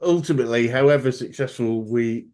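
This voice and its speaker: A man's voice: medium pitch, brisk, a little mellow. A man hosting a business interview, enthusiastic and full of false starts and repeated words as he responds. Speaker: interview host, business coach. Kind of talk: casual interview chat.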